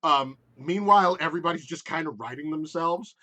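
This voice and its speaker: A man's voice: on the high side, fairly quick, sharp tone. A young man running a tabletop game, narrating with lots of fillers and rambling asides. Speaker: game master.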